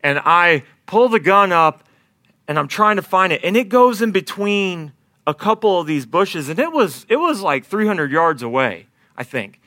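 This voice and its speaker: A young man tells a comic story in a high, bright voice, animated and self-deprecating, often laughing mid-sentence. The sound is dry and close, with no room echo. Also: moderate pace.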